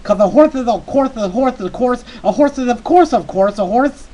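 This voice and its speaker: A performer voicing a small, childlike, excitable male character telling a comic story in a rambling, giddy way with lots of fillers. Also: medium pitch, normal speed, lightly acted, poor audio. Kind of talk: comedic monologue.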